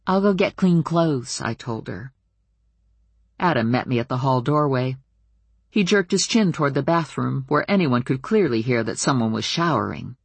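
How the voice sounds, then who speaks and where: A woman narrating a first-person novel with wry, expressive storytelling. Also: very deep voice, moderate pace, gravelly, breathy edge, no echo. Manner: wry, expressive storytelling with lively voiced dialogue. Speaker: audiobook narrator.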